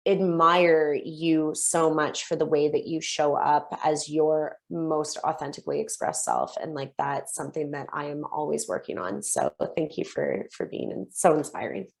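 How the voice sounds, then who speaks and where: A woman guest on a podcast, a coach speaking earnestly and warmly over a video call, with casual swearing. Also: low-pitched, normal speed, gravelly, few pauses. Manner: earnest, heartfelt, casually profane. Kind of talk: casual interview chat.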